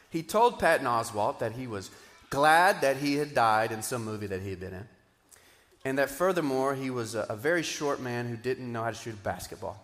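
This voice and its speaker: A man preaches from the stage of a church auditorium, his voice carrying a long hall reverb. He is animated and keeps swinging from loud, emphatic bursts down to quiet asides. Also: on the high side. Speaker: pastor. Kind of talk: sermon.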